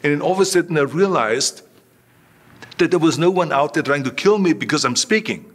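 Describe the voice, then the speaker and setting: A man's voice: fairly high pitch, expressive, brisk. Older man telling stories. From Austria. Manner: anecdotal, repeats himself, acts out quoted voices. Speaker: interview guest. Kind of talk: storytelling in an interview.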